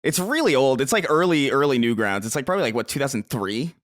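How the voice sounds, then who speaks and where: A man's voice: medium pitch, lively intonation, fast, a bit bright, no room sound, studio quality. A man in his thirties, a podcast co-host chatting casually, laughing often and swearing casually. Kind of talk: casual chat.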